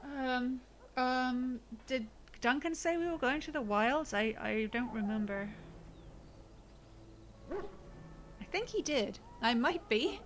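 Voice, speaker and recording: Streaming a video game, a woman chats casually and throws sarcastic jokes at the screen, playful and giggly throughout. Her high voice is animated but slow, with long pauses, over a faint hiss or hum.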